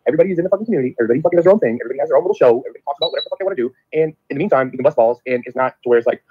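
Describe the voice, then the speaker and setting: A man's voice: medium pitch, racing, a little hiss or hum. A man on a call-in show, ranting about getting along, swearing often and rambling. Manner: profane, rambling, animated. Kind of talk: casual rant on a live show. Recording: phone-line call audio.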